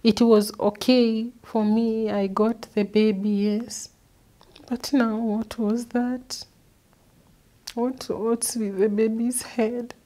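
A woman, an interview guest, recounting a painful personal story in an earnest, halting way, often repeating words. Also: fairly high pitch, little pitch movement, dark tone. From Kenya. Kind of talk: personal testimony.

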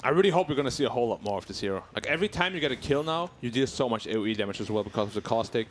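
Fast-talking male esports analyst. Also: mid-range voice, lively intonation, a little hiss or hum. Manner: quick, conversational, analytical. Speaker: color commentator.

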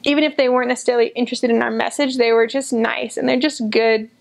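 Here a returned missionary, young and female, speaks quickly in a slightly high, steady voice with vocal fry. In a casual personal reflection, she gushes earnestly about the people she grew fond of, frequently saying the same things again.

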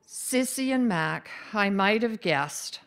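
A woman's voice: medium pitch, expressive, slow, clean tone. A woman voicing a sardonic female ghost who grumbles in a dry, sarcastic way.

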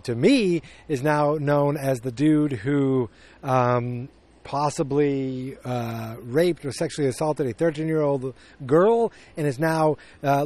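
A man's voice: mid-range voice, darkish tone. A man hosting a podcast, chatting casually about a film, rambling and correcting himself as he goes. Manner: rambling, self-correcting, opinionated. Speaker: podcast host. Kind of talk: casual movie review chat.

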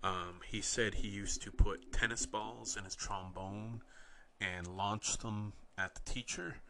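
A young man from Canada spins rambling stories in a deadpan, wry tone. His voice sits a bit low but comes across bright and punchy. A faint hiss of noise runs under the recording. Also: slow. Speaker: podcast host. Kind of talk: casual storytelling.

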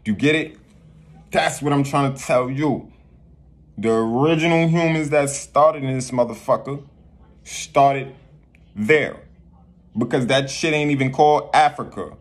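Husky-voiced guy ranting about life and spirit, swears a lot, keeps repeating stuff. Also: medium pitch, measured pace, pauses often. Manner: profane, preachy, repeats himself. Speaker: vlogger. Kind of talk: rambling spiritual rant.

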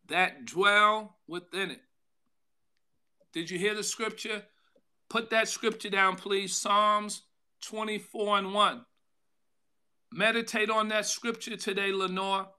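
A man pastor giving a devotional sermon, calling out to listeners by name, with a drawn-out delivery and sudden loud bursts. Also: high voice, clean tone. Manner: preaching with call-outs to listeners by name.

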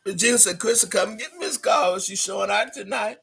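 A man hosting a casual live stream, reading viewer comments aloud with loud, laughing, sassy banter. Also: high-pitched, normal speed, gravelly, husky.

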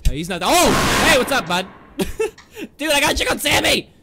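A young man commenting on a horror game he is playing, excitable, yelling, laughing and talking back to the characters. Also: very high-pitched, brisk, vocal fry. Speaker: gaming YouTuber.

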